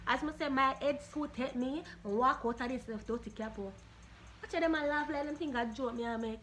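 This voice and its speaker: A Jamaican woman YouTuber answering viewer questions in a blunt, animated, Patois-laced way. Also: high-pitched, a little fast, a little hiss or hum. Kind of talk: casual Q&A vlog.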